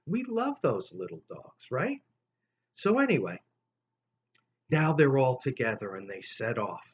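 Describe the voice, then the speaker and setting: An older man spins a rambling childhood tale in a casual, animated way. His voice sits mid-range but leaps high when he quotes someone. The recording is slightly muffled, with a faint hum of room noise behind him. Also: measured pace. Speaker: storyteller host. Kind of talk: casual storytelling to camera.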